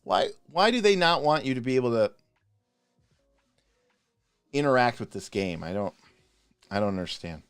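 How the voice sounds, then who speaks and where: A man co-hosting a live stream, ranting passionately in a casual, animated way with frequent restarts. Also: medium pitch, moderate pace, long pauses, smooth, dry recording, clean studio sound, soft background music. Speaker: podcast co-host reviewing game spells.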